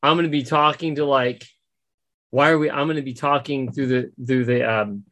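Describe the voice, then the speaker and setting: A man's voice: medium pitch, steady tone, normal speed, a bit bright. A man playing in a tabletop game, rambling and stammering, joking with the table. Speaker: player. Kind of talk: casual tabletop role-play chat.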